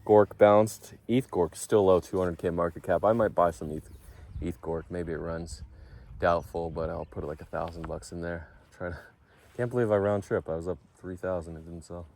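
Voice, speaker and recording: A man's voice: low voice, steady tone, normal speed, darkish tone. A man vlogging casually, rambling and correcting himself as he thinks aloud.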